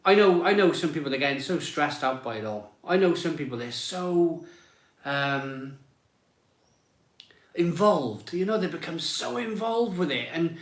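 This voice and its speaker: A man's voice: on the high side, lively intonation, a little slow, roomy sound. A man hosting a casual beer live stream, chatting and greeting viewers as he reads their comments aloud.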